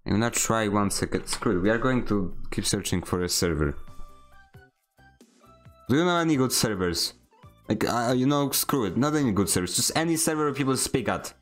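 A man's voice: fairly low pitch, expressive, normal speed, soft background music. A young man, streaming a game and barking short voice commands, sarcastic and easily annoyed. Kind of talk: casual gameplay streaming with voice commands.

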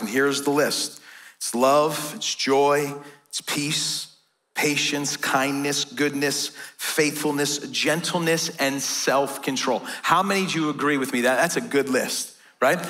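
A man's voice: mid-range voice, sharp tone. A middle-aged American man, a pastor, preaching a sermon in a church in a casual, joking way and often asking "right?".

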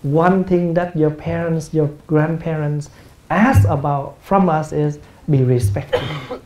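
A man with a Vietnamese accent, a Buddhist monk giving a gentle, humorous dharma talk in a meditation hall. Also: fairly high pitch. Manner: gentle, humorous, acts out everyday speech. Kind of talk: sermon.

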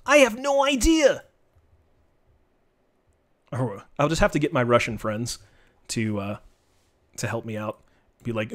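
A man casually commenting on his live-streamed card game, joking and teasing in an animated way. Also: medium pitch, a little slow, pauses often. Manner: animated, joking, trash-talking.

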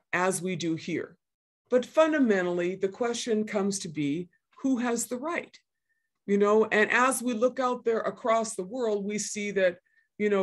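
A woman in her sixties from northern Minnesota gives an earnest, emphatic public talk, repeating her key points and often stopping to restart with fillers. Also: medium pitch. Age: 60s. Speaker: guest speaker.

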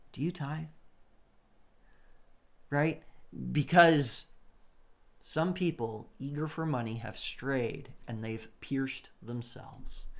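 A man preaching a sermon, lively and conversational, with asides and short laughs as he acts out the quotes. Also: medium pitch, creaky. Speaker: pastor.

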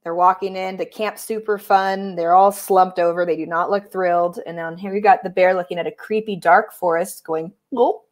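A woman reading her picture book aloud and chatting in a relaxed, giggly way. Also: on the low side, moderate pace, few pauses. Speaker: author and illustrator.

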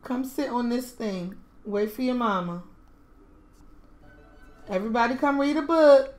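A woman's voice: fairly high pitch, unhurried, darkish tone, soft background music. Doting woman gushing over her game. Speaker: game streamer. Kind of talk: casual gameplay commentary.

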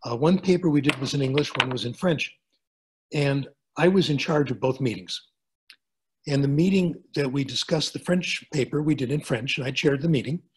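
Older male professor on a webinar: husky, conversational, fond of jokes and everyday examples. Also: mid-range voice, normal speed. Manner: chatty, joking asides, plain examples. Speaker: guest speaker, linguistics professor. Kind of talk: webinar lecture answering questions. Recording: video call.

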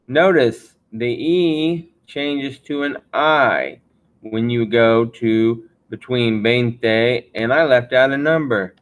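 Slow, deliberate male language teacher. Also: mid-range voice. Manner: repeats and restarts phrases. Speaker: Spanish teacher. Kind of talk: classroom lesson.

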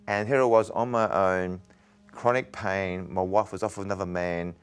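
A man's voice: low voice, steady tone, clear, resonant tone. Earnest man telling his story. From Australia. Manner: earnest, halting storytelling, often repeating words. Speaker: evangelist guest. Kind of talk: interview testimony.

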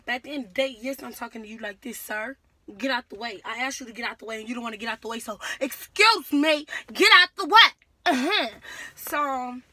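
A young woman telling a story on her vlog, slangy and rambling, getting loud and heated as she goes. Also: fairly high pitch, no room sound. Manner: animated and loud, builds to shouting in quoted exchanges. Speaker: vlogger.

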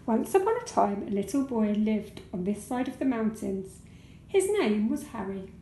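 Expressive woman teacher reading a storybook. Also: mid-range voice, normal speed, echoey room, slight background noise, low-quality recording. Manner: gentle, expressive read-aloud voice.

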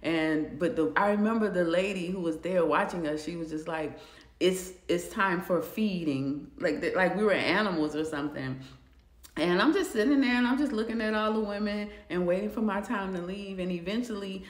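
A young woman casually telling a personal story to camera, animated and jumping high when she acts out her own shock. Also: a little fast. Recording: echoey room.

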